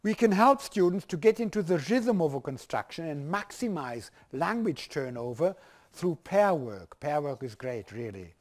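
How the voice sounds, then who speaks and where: A man's voice: a little high, very animated, normal speed. Older man, German accent, university lecture, hesitant, fillers and restarts.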